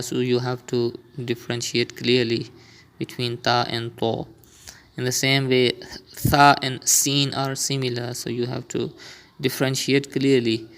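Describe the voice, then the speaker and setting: A man teaching a beginner Quran reading lesson, explaining rules step by step and patiently repeating each sound slowly for learners. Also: medium pitch, fairly bright tone, clear, resonant tone.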